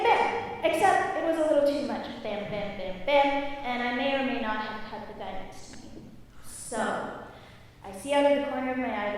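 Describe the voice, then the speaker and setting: A young woman from Maryland does stand-up, her voice pitched high and bouncing off a big echoing hall. She tells her story with animated energy and belts out the quoted lines, heard from a distance with faint room noise under it. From Maryland, USA. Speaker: stand-up comedian. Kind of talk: stand-up comedy set. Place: comedy stage in a hall.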